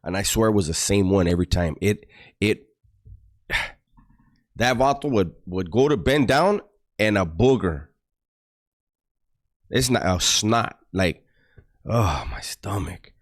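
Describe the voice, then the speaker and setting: Man, lower voice, very expressive pitch, casual profane storyteller for a vlog. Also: a little slow, long pauses. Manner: animated, profane, mock-disgusted storytelling. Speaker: YouTuber recounting prison stories. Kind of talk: casual storytelling to a livestream audience.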